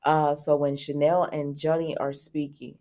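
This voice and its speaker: A woman with a slightly low voice hosts a casual soap opera recap. She retells each scene in a chatty way and keeps breaking off to talk to her viewers. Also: little pitch movement, a little slow, mellow.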